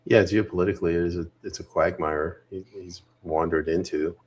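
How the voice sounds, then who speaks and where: A man co-hosting a podcast, giving measured, wry opinions on politics in casual conversation. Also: sits low, fairly even intonation, husky. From Canada. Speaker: podcast co-host.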